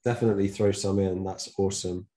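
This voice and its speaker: A man's voice: low voice, steady tone, fast talker, warm tone. A man from Britain co-hosting a Bible reading podcast, talking in an easygoing, reflective way with many fillers. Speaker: podcast co-host. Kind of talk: casual podcast chat about Bible reading.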